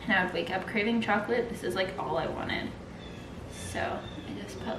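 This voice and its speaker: A woman's voice: medium pitch, normal speed. Young woman chatting on her home vlog, says "like" a lot, camera mic, noticeable background noise. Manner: chatty, lots of "like" fillers. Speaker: vlogger. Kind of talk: casual vlog chat.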